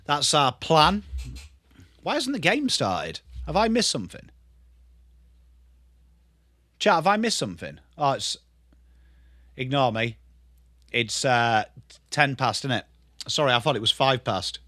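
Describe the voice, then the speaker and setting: A man's voice: medium pitch, very animated, measured pace, long pauses, dry recording, studio quality. An English man in his thirties, host of a casual live stream, chatting loosely and swearing as he answers viewers. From England. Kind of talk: casual live watchalong chat.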